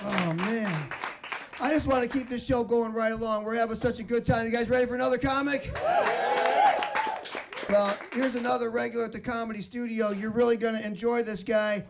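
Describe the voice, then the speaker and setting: Comedy host guy, super high gravelly voice, loud crowd and lots of noise behind. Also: fairly even intonation, fairly quick. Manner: upbeat, hyping the crowd. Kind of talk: comedy show emcee patter. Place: comedy club stage.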